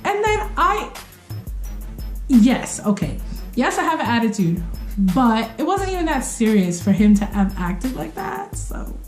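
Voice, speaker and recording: A young woman vlogger telling a dramatic story time in a casual, expressive way, acting out what people said with sudden jumps in pitch. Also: measured pace, echoey room, soft background music.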